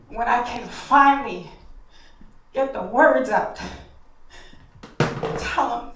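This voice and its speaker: A woman's voice: a little high, takes it slowly, pauses often, fairly bright tone, slight background noise. A woman telling a heartfelt personal story on a live stage, speaking directly to the audience. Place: stage in a hall. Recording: echoey hall, distant mic.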